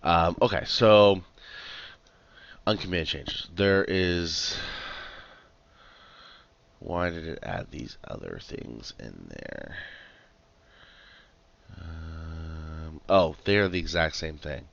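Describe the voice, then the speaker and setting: A man's voice: rumbling low, big pitch swings, very slow, gravelly, long pauses, fairly bright tone, muffled recording, slight background noise. A man running a casual live coding tutorial over a headset mic, chatty and rambling, with lots of fillers and restarts. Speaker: livestream programming tutor.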